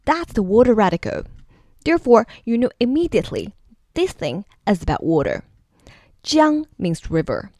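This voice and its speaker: A woman's voice: mid-range voice, darkish tone, no room sound, studio quality. A woman hosting a casual explainer video, playfully demonstrating pronunciation with exaggerated examples. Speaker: video host teaching name pronunciation.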